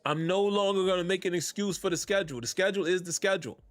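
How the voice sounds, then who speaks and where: On his sports fan podcast, the host talks fast in a high-sitting voice, keeping things casual with relaxed, Southern-leaning slang and plenty of laughs. No room sound is audible, though faint music runs underneath.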